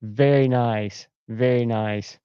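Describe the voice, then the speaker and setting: Chatty man with a smooth, mellow voice. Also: medium pitch, fairly even intonation, takes it slowly, no echo, muffled recording. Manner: chatty, rambling, enthusiastic. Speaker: livestream host. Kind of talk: casual chat.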